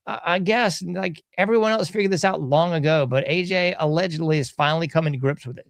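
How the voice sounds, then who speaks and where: A man's voice: on the high side, fairly quick, fairly bright tone, dry recording, clean studio sound. A man hosting a podcast in casual commentary, folksy and sarcastic, often chuckling. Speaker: podcast host.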